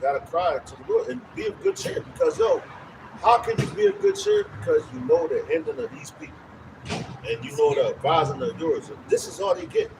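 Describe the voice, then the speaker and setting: A man preaching on the street in an emphatic, profane, animated way. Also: fairly high pitch, a little fast. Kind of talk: casual religious discussion. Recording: outdoor street recording from a distance with traffic noise.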